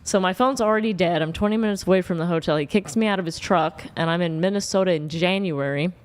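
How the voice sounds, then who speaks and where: A young woman from Oklahoma recounts a story in a blunt, animated way, swearing freely. Her voice is smooth and clear. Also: fairly low pitch, fast talker. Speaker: dating show guest.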